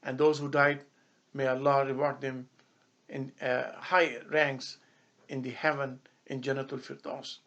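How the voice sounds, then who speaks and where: A man's voice: medium pitch, little pitch movement, measured pace, fairly bright tone, lo-fi sound. A man speaking as an imam, giving a public statement with impassioned emphasis and stretches of solemn prayer. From Canada. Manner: impassioned, rising to angry emphasis.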